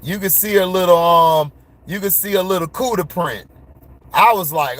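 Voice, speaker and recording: A man's voice: sits high, normal speed, a bit bright. A man ranting casually to his viewers, blunt and full of slang, laughing and getting worked up. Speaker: vlogger.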